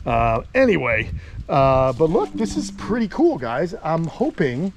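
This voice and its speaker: A middle-aged man from Long Island hosting a casual vlog outdoors by a tortoise enclosure, rambling and excitable with lots of fillers. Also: fairly high pitch, a little hiss or hum. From Long Island, New York. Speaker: host, tortoise keeper.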